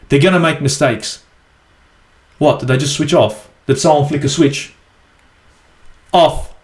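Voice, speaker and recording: A man's voice: fairly high pitch, echoey room. An Australian man ranting angrily as a football fan vlogger in a profane, exasperated match review. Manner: angry, sweary, exasperated.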